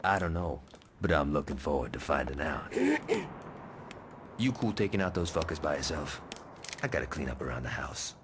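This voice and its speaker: A man's voice: extremely low pitch, animated, moderate pace, pauses often. A man voicing a cocky, foul-mouthed gang lieutenant in a video game. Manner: swaggering, profane. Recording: game audio with noise.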